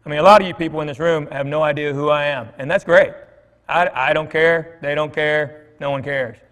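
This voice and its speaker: A middle-aged comedian tells stories to a church congregation, conversational and joking, full of fillers and asides. His fairly high, slightly bright voice keeps a fairly even intonation and moves a little fast, with long reverb from the large church hall.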